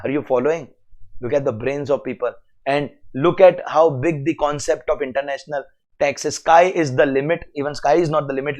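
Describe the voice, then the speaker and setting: A man with an Indian English accent teaching a tax lecture to students, animated and full of rhetorical questions. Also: a little high. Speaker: CA exam lecturer.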